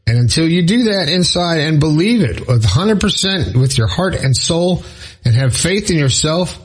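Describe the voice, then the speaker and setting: A man's voice: fairly high pitch, breathy edge, rough recording. A man talking straight to his viewers in a casual motivational monologue, earnest and encouraging, repeating points for emphasis and joking with himself now and then. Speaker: motivational vlogger.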